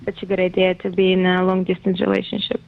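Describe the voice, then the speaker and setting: A woman's voice: fairly low pitch, completely flat delivery, fast, gravelly, phone-quality sound. A woman from Russia with a Russian accent, calling in as a guest and chatting in a bubbly, giggly way in slightly broken English. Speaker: guest actor on the phone. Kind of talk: casual interview. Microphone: phone call.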